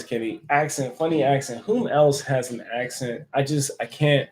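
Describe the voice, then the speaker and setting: A man's voice: mid-range voice, moderate pace, few pauses, darkish tone, poor audio. A man hosting a casual live stream who answers viewer comments and laughs often. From United States. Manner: chatty and joking, laughs often.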